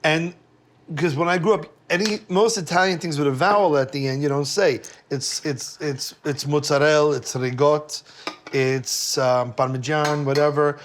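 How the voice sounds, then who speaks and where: A man from Brooklyn with a fairly high voice talks as a guest in a casual chat. He is animated and often slips into mock voices. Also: normal speed, slight background noise. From Brooklyn, New York.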